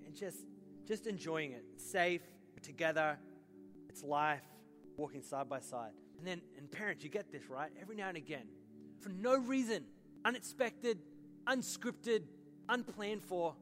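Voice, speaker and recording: A man in his thirties preaching a sermon as pastor, animated and rising to fervent peaks. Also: on the high side.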